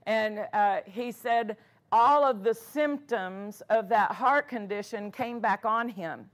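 A woman's voice: medium pitch, takes it slowly. A woman pastor preaching a sermon in an earnest way, often restarting her phrases.

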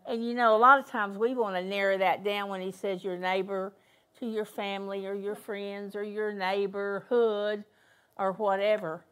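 A woman's voice: mid-range voice, level tone, normal speed, a bit bright, clear, resonant tone. An older woman preaching in a church, telling a story with emphatic repetition. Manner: storytelling, emphatic, repeats key phrases. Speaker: guest minister. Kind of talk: sermon.

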